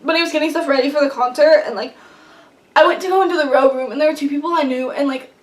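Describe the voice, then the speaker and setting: A young woman vlogger telling a long story in casual chat, rambling and excitable with lots of fillers. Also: sits high, quick pace. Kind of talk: casual storytelling while eating. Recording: echoey room, mic at a distance.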